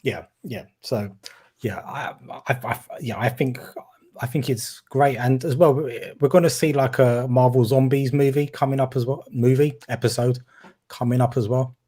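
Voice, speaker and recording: A man's voice: medium pitch, steady tone, normal speed, mellow, slightly rough. A man with a Cockney accent from London's East End, co-hosting a casual film chat and rambling with hesitant restarts. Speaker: podcast co-host.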